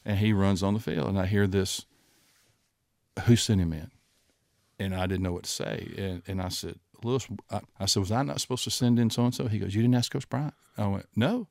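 A man in his sixties, a former football coach and the guest, telling lively stories from the sidelines and acting out the voices in them. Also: on the low side, fast, vocal fry, few pauses, no room sound, clean studio sound. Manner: animated anecdote-telling, acting out quoted voices. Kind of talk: casual storytelling.

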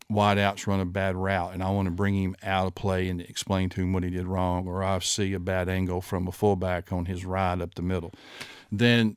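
An older man with a low voice tells coaching stories in a relaxed chat, playing out the other voices as he goes. The sound is dry and close to the mic. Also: clear, resonant tone, no room sound. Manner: animated anecdote-telling, acting out quoted voices. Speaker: guest, former football assistant coach. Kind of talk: casual storytelling.

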